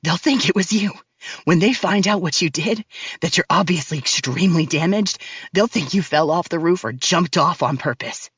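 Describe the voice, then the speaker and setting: A woman voicing a violent, cold young man who speaks low and threatening, panting as he talks. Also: moderate pace, husky, no room sound, dull audio. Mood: menacing.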